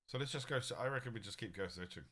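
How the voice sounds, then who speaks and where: A man's voice: mid-range voice, lively intonation, very fast, pushed and bright. A man playing a tabletop game, chatting in a rambling, joking way. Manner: rambling, joking, laughs often. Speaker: player. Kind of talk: casual chat during a tabletop game.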